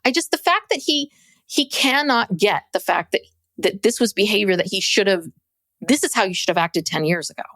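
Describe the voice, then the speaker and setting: A woman's voice: mid-range voice, lively intonation, fairly quick, a bit bright, no echo. A woman co-hosting a podcast, recapping a reality show in casual chat, blunt and exasperated, swearing and acting out quotes in mocking voices. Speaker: podcast co-host.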